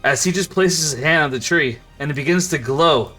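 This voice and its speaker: A man narrating as game master for a tabletop game, rambling and quick to laugh. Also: on the high side, sharp tone, faint music behind.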